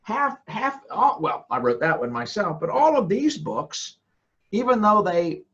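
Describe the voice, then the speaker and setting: A man's voice: high voice, big pitch swings, a little slow, fairly bright tone, breathy edge, lo-fi sound. An older American man talking as a podcast guest in casual chat, laughing often and repeating words as he goes. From United States.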